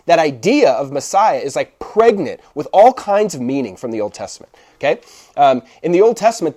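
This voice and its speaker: A man's voice: on the high side, mellow. A young man preaching a casual sermon, checking in with his listeners often as he explains. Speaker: pastor. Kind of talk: conversational sermon.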